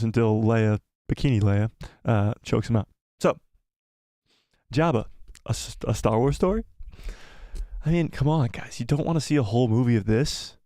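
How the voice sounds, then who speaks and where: A man's voice: mid-range voice, darkish tone, dry recording, studio quality. A man hosting a live fan stream, rambling and enthusiastic as he reads chat comments aloud, and his voice is wearing out. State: losing his voice.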